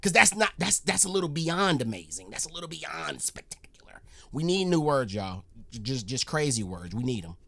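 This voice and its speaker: Excitable bright-voiced man reacting. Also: mid-range voice, normal speed. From United States. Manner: excitable, repetitive, keeps calling out to viewers. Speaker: reaction video host. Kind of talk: casual reaction commentary.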